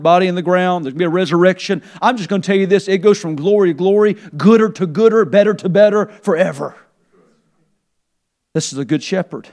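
Man preaching a sermon. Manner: preacherly, rising to a near shout on scripture quotes; drops to a soft, low voice when leading prayer. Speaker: pastor. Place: church sanctuary.

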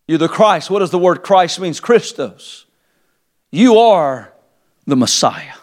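A man preaching a sermon to a congregation, impassioned, swinging between shouted emphasis and quiet, low asides. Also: animated, a little slow. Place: church service before a congregation.

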